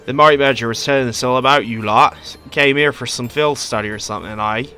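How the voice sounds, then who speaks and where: A man's voice: mid-range voice, fast talker, pushed and bright, soft background music, close to an everyday voice. A man voicing a chatty middle-aged market merchant and father, in a folksy put-on Scottish-style lilt. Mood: friendly.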